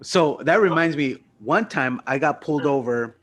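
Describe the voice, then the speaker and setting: A man's voice: fairly high pitch, expressive, normal speed, fairly bright tone. A man, a comedian co-hosting a podcast, telling a long anecdote in loose, profane casual chat, often checking in with "right?" and "you know what I mean".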